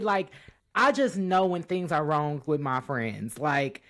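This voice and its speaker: A woman co-hosting a casual podcast chat, telling stories in a blunt, animated way. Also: sits low, slow. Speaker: podcast co-host.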